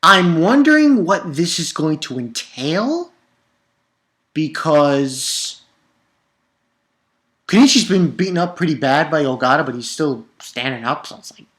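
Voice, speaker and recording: A man talking through a comic chapter in an unhurried, drawn-out way, his voice bright and forceful. He rambles, circles back on himself, and swears freely. Every so often he breaks into loud, gleeful outbursts. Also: on the high side, big pitch swings. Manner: rambling with restarts. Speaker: manga reviewer. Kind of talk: casual chapter review.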